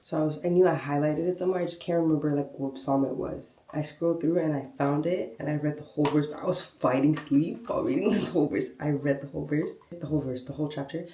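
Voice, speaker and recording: A woman's voice: low-pitched, quick pace, few pauses, mellow, slight background noise. A young woman, chatting casually in her vlog while still short of breath and coughing from a cold. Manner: chatty, slangy, rambling. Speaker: vlogger. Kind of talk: casual chat.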